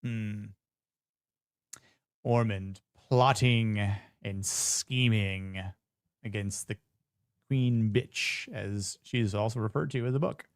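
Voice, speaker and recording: Dude reacting to a tv episode, swears a lot, jokey, dry close sound. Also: male voice, fairly low pitch, takes it slowly, pauses often, smooth, no room sound. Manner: blunt, profane and joking. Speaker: show reviewer. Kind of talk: casual reaction commentary.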